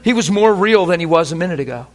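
A man preaching a sermon, telling a personal story with animated swings between hushed quoted prayer and loud, laughing bursts. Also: sits high, fast. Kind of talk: sermon testimony.

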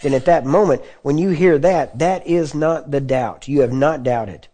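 A man delivering a sermon in an easygoing, conversational way, often asking his listeners whether they follow. His voice sits a touch high for a man yet sounds mellow and dark. He clears his throat now and then between points. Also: normal speed. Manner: conversational teaching with frequent check-ins to the audience. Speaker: preacher.

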